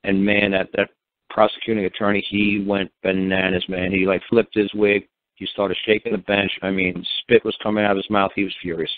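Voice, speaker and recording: A man's voice: on the low side, level tone, a little fast. Man on a tinny phone line. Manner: blunt, colloquial and emphatic. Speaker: speaker on common law. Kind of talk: rambling anecdotal talk.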